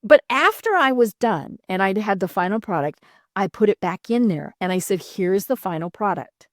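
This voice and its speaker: A middle-aged woman hosting a casual interview, chatty and animated, laughing often and filling pauses with "you know". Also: medium pitch, no echo, clean studio sound.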